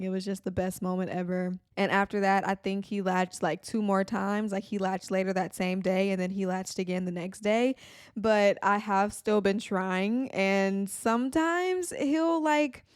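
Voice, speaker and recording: A woman's voice: medium pitch, a little mellow, smooth, no echo, studio quality. A young woman in her twenties hosting a podcast in casual chat, with a habit of saying "like" a lot. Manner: chatty, frequent "like" fillers. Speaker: podcast host.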